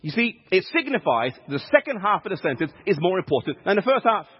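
Male preacher, emphatic teaching sermon; lively husky voice, dull lo-fi hall recording. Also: high voice, brisk. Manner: teaching, emphatic, repeats key points. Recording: echoey hall, dull lo-fi sound.

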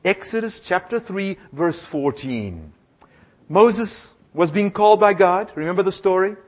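Male preacher, high voice, animated storyteller who gets the congregation repeating lines. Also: unhurried. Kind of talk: sermon.

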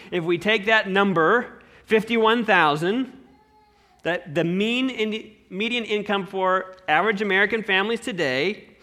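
A man preaching a sermon in an animated way, swinging between loud emphasis and hushed asides. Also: high-pitched. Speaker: pastor.

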